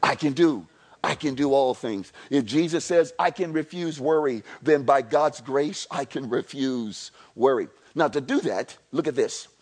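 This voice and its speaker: A man preaching a sermon at a church service. He leads the congregation in call-and-response, swinging from quiet, low lines to loud shouts. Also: a little slow, slightly rough. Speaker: pastor.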